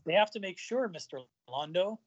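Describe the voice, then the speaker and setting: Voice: expressive, moderate pace, dry recording, muffled recording, lightly acted. A podcaster reading comic lines as a man turned back into a teenager, exclaiming. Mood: solemn. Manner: exclaiming, raised pitch.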